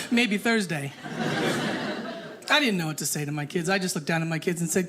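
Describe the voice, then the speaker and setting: A woman performing a stand-up comedy set on stage, animated and acting out the people in her stories. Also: on the low side, normal speed. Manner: animated, acts out voices. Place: stage before a live audience. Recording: noisy live comedy room.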